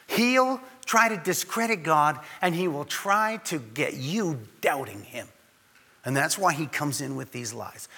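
A high, lively male voice preaching a conversational sermon, now and then acting out the people he quotes. His tone is bright and a little husky. A long hall reverb trails after his words. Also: a little slow. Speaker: pastor.

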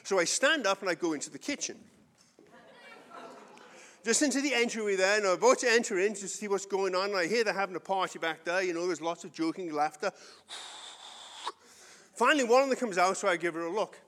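English guy preaching, chatty and joking at himself, highish voice, big echoey church. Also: brisk, pauses often, fairly bright tone. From England. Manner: storytelling, conversational, self-mocking humor. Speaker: pastor. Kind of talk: sermon with personal story. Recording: long hall reverb.

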